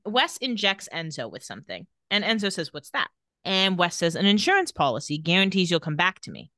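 Lively bright-voiced woman recapping a show. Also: lowish voice, no room sound, studio quality. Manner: animated, quotes characters in quick quips and laughs often. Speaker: podcast co-host recapping a TV episode. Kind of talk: casual chat.

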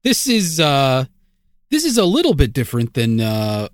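A man co-hosting a podcast in casual comedic banter, with dry jokes and halting fillers. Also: mid-range voice, wildly swooping pitch, no echo. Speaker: podcast co-host.

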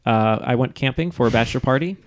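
A man's voice: mid-range voice, fast talker. A man hosting a casual podcast with friends, reading trivia questions and telling stories in a rambling way, with many ums and uhs. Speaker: podcast host running a trivia quiz.

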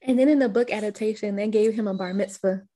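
A woman's voice: medium pitch, quick pace, mellow. A woman co-hosting a casual movie podcast, recapping scenes with playful jokes. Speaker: podcast co-host.

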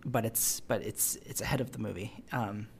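A woman talks through a film in a relaxed podcast chat. She restarts her sentences often and leans on fillers as she thinks aloud. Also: rumbling low, normal speed, creaky, a little hiss or hum. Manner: hesitant, many fillers and restarts. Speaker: podcast co-host. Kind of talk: casual film discussion.

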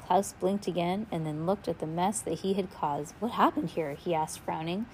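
A woman casually reading a children's novel aloud, breaking off for little asides and slipping into lively voices for the characters. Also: fairly low pitch, normal speed, slight background noise, low-quality recording. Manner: casual read-aloud with asides and self-corrections. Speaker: reader.

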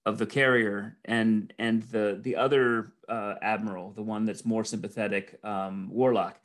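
A man's voice: on the low side, steady tone, a little slow. A man in casual conversation, enthusiastically recounting film scenes and often restarting his sentences. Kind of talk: casual movie review chat.

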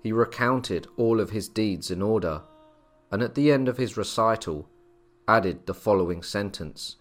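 Man narrating history over soft music. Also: on the low side. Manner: measured, storytelling delivery. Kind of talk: scripted narration.

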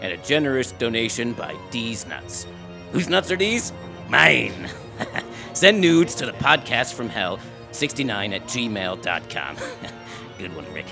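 A man's voice: mid-range voice, sing-song, measured pace, gravelly. A man voicing a crude, bossy male devil reading a podcast outro over music. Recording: music bed behind the voice.

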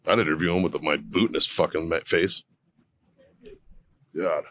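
A man's voice: sits low, steady tone, normal speed, a bit bright, slight background noise. A man hosting a podcast, chatting crudely with friends, laughing often and reading sponsor plugs. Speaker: podcast host. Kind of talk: casual profane banter.

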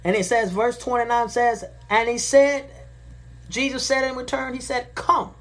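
A woman's voice: on the high side, little pitch movement, a bit bright. A woman preaching a sermon, reading Bible verses and then repeating and paraphrasing them in plain words. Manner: slow and deliberate, repeating phrases. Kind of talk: sermon, reading and explaining scripture.

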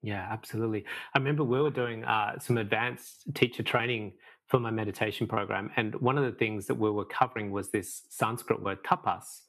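A middle-aged man who is a meditation teacher, a guest in a casual podcast conversation, telling lively stories and laughing often. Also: lowish voice, fairly quick. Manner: animated storyteller, laughs often.

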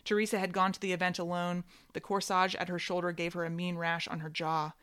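Woman, lowish voice, measured wry fiction reading. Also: little pitch movement, fairly bright tone, smooth. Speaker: narrator.

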